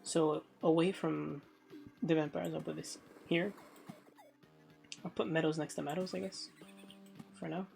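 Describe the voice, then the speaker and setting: A woman's voice: deep voice, flat delivery, unhurried, creaky, pauses often, a little mellow, soft background music. A woman streamer giving casual let's play commentary, thinking aloud in a rambling, offhand way.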